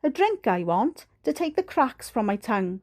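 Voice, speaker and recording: A woman's voice: on the high side, sing-song, normal speed. A woman with a Welsh accent voicing a wheedling, fake-tearful young girl in an audiobook reading. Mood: coaxing.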